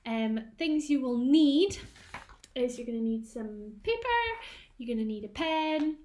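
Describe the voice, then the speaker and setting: A woman from Scotland leads a children's rhythm lesson to camera, slow and clear and full of encouragement. Her voice sits a little high for a woman. She is recorded close to the camera at a table at home. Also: warm tone. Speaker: music tutor.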